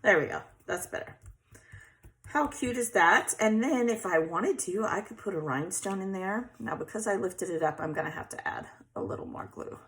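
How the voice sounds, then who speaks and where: A woman's voice: mid-range voice, normal speed, a bit bright. A chatty woman, hosting a casual crafting tutorial and often checking in with "okay?".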